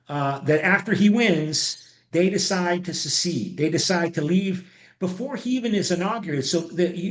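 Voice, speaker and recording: High-voiced rambling male lecturer. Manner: rambling, many restarts and repeated words. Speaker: university history lecturer. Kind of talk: online class lecture. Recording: echoey room.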